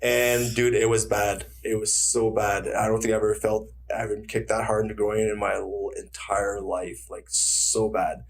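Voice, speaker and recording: A man's voice: fairly low pitch, moderate pace, few pauses, slight background noise. A man, a retired fighter, telling stories in a casual interview, acting out quotes and swearing freely. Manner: animated storyteller, acts out quotes, swears freely.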